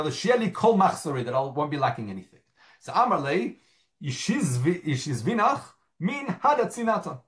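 Guy teaching talmud, reads a line then explains it, lots of ums and restarts, bouncy higher voice. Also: fairly bright tone. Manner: reads Aramaic phrases then explains them in English, with frequent fillers and restarts. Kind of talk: Talmud study lesson, reading and translating.

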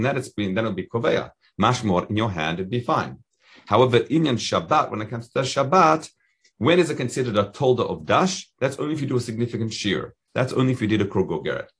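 A man's voice: lowish voice, a bit bright, husky. A man teaching a Talmud lesson in casual English, reading Hebrew and Aramaic phrases aloud as he goes.

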